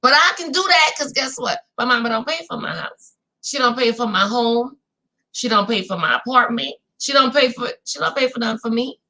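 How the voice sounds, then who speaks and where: Fairly high in pitch and fairly quick, this woman hails from New Orleans, Louisiana, and has a New Orleans accent. She's hosting a casual reality-show recap, talking to viewers as "y'all" in an animated, chatty way.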